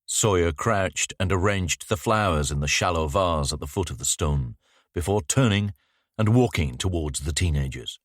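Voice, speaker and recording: A man reads a thriller aloud in a measured, descriptive storytelling manner. His voice is very deep but moves up and down a lot. The recording is dry and close. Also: expressive, no room sound. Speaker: audiobook narrator. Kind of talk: scripted narration.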